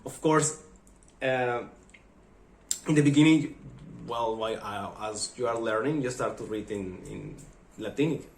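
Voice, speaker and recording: A man with a mid-range voice, a Spanish speaker from Mexico with a Mexican accent, vlogs a casual chat in an echoey room. He's a little slow and pauses often, animatedly acting out funny little exchanges.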